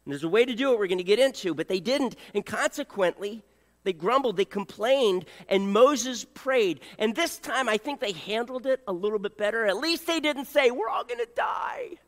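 A man preaching a sermon, animated and joking, acting out voices and coughing now and then. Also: high voice, moderate pace, in a large hall. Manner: animated, acts out voices, jokes with the congregation. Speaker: pastor.

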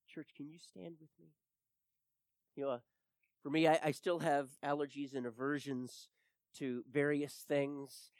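A pastor preaching a sermon, swinging between loud urging and hushed, near-whispered passages. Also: mid-range voice, flat delivery, measured pace, pauses often, dry recording, low-quality recording.

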